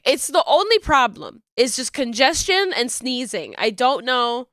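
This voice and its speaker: A woman's voice: high-pitched, very animated, measured pace, hardly any pauses, a bit bright, dry recording, clean studio sound. A woman streaming from her home desk setup, chatting casually with viewers, stuffy and congested, laughing often.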